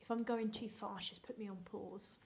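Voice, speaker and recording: A woman's voice: mid-range voice, steady tone, normal speed, gravelly. A woman teaching a recorded phonics lesson to young children, in a sing-song, encouraging way, drawing out each letter sound. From England. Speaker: primary school teacher.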